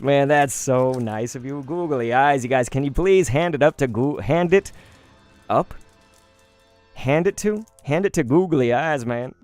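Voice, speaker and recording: Excitable streamer guy opening cards, gushing a lot, mid-pitch voice, bit of music in the back. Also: dry recording. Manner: excitable and gushing, with laughs and sighs. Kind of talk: excited live-stream chat.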